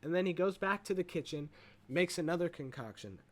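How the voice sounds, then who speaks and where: A man's voice: a little high, animated, fairly quick, slight background noise. Rambling profane man reviewing a movie. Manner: rambling, profane, full of fillers like "you know". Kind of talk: casual movie review retelling.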